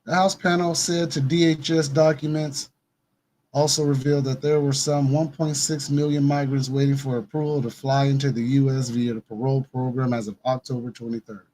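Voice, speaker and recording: A man's voice: mid-range voice, level tone, a little fast, darkish tone. A man hosting a casual conspiracy news commentary show, talking emphatically and repeating his points to drive them home.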